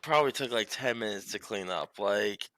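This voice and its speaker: A young man co-hosts a casual sports podcast, rambling through stories with plenty of swearing and animated emphasis. His voice is bright and forward. The sound is dry and close, with no room echo. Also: lowish voice, moderate pace. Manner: profane, rambling, animated storytelling. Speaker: podcast co-host.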